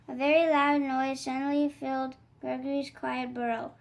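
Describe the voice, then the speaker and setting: High-voiced woman reading a storybook. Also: flat delivery, normal speed, gravelly, a little hiss or hum, rough recording. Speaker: storybook reader. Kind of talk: children's read-aloud narration.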